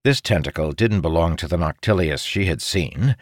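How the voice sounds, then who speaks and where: A man narrating a fantasy audiobook in a steady, measured reading. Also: low voice, dry recording, clean studio sound.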